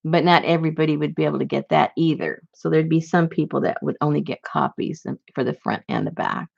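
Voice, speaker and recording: A woman with a low-pitched, gravelly voice chats about her crafts with viewers, rambling from thought to thought and full of fillers and restarts. The sound is dull and lo-fi. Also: sing-song, fairly quick. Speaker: crafting channel host. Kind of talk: casual crafting chat to viewers.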